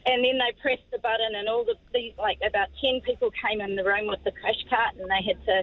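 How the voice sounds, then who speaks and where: A woman's voice: fairly high pitch, steady tone, fairly quick, no room sound. Matter-of-fact New woman on a dull phone line. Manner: matter-of-fact, chuckles at herself. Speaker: radio caller. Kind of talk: telling a story on the phone.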